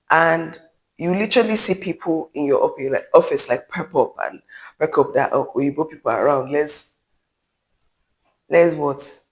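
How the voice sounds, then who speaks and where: Nigerian guy ranting his opinions on a vlog, bit higher voice, blunt, goes off on tangents. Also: rough recording. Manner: candid, emphatic, with rambling asides. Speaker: vlogger.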